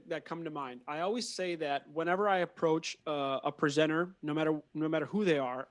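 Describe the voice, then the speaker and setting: A man's voice: a little high, dry recording. A man from Minneapolis, a guest audio technician, chatting in an interview, telling stories with many restarts and repeated words. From Minneapolis, USA. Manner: lively storyteller who acts out quoted dialogue; frequent word repetitions and restarts. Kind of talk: conversational interview.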